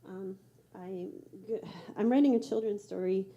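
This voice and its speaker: A woman's voice: medium pitch, normal speed, warm tone, muffled recording. A woman in her fifties with a Minnesotan accent, chatting nervously and rambling before her poem at an open mic in a coffee shop. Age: 50s. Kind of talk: casual chat before a poem.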